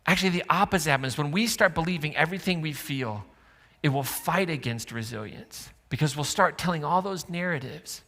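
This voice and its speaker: A pastor with a slightly high, bright and forceful voice delivers a brisk sermon in a church auditorium, keeping it conversational and joking with the congregation. Church hall reverb and faint music can be heard in the recording.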